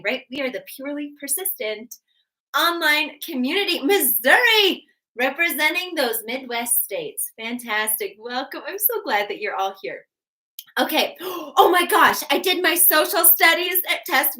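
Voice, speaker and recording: A woman's voice: high-pitched, bright, forceful tone. A woman teaching a live online math lesson, bubbly and encouraging, chatting with viewers between steps. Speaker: GED math tutor. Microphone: webcam.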